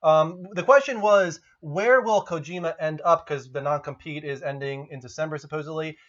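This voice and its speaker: A man's voice: a little high, normal speed, a bit bright, dull audio. A man hosting a casual gaming news stream, steering the talk and reading out polls and chat. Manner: runs the show, reads polls and chat. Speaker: host.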